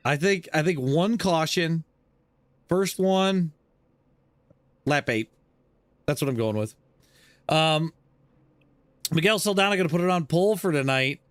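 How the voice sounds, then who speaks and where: A man's voice: a little high, lively intonation, a little slow, long pauses, dry recording. Easygoing male sim racing host. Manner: easygoing, joking, lots of filler words. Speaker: race broadcast host. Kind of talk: live sim racing commentary.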